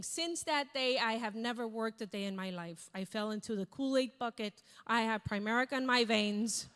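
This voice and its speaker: A woman speaker on stage telling a story with energy and acting out the voices of people she quotes. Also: high-pitched. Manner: animated, acts out quoted voices. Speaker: keynote speaker. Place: large event hall. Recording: reverberant hall.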